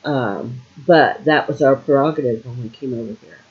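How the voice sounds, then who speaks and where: A woman's voice: extremely low pitch, moderate pace, highs cut off. An older woman from Ohio talking to camera at home in a casual, rambling monologue, full of fillers and trailing thoughts. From Ohio, USA. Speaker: vlogger.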